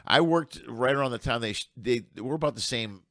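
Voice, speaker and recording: A man's voice: mid-range voice, a little fast, fairly bright tone, no echo, clean studio sound. A middle-aged man who works as a comedian, telling rambling road stories in casual chat and swearing freely. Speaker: comedian guest.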